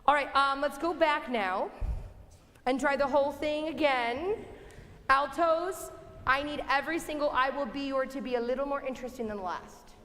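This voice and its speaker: High-voiced young woman leading choir rehearsal. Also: a bit bright. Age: young adult. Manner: brisk and encouraging, sings example phrases. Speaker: choir director. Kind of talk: rehearsal instruction. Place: rehearsal hall. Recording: long hall reverb, faint music.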